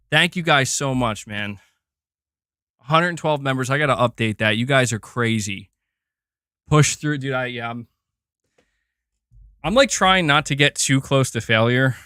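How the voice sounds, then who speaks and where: A young man hosting a casual live stream, excitedly thanking members and chatting while doing curls. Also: medium pitch, smooth, no echo, clean studio sound. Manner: excitable, reads out member gifts, chats while exercising. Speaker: livestream host.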